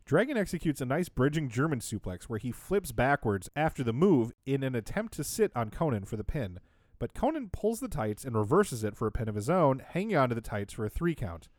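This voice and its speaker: A man's voice: mid-range voice, sing-song, a little fast, a little mellow, dry recording, clean studio sound. A man co-hosting a podcast, recapping in casual chat with a sarcastic, wry tone and frequent laughs. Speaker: podcast co-host.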